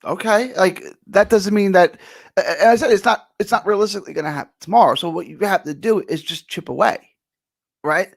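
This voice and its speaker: A man with a fairly high, gravelly voice argues his side in a podcast debate. He keeps it casual and repeats his phrases to drive the point home. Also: fairly quick. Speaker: debate guest. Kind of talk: political debate.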